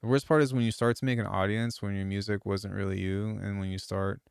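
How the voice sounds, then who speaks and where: A man's voice: lowish voice, level tone, fairly quick, gravelly, clear, resonant tone, no echo, studio quality. A man who produces music, chatting casually on a live stream, rambling and swearing freely with lots of restarts. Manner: rambling, profane, frequent restarts.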